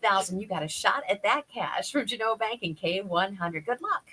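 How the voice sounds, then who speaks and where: A woman hosting a morning radio show, brisk and cheerful as she takes calls. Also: mid-range voice, expressive, sharp tone, slight background noise. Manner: brisk and cheerful, quick call answering. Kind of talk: upbeat radio banter. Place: radio studio.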